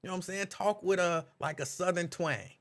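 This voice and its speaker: Guy hosting a live stream, reads chat out loud and talks straight to viewers, kinda higher voice. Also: a little fast. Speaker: talk show host reading live chat. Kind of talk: casual live-stream commentary.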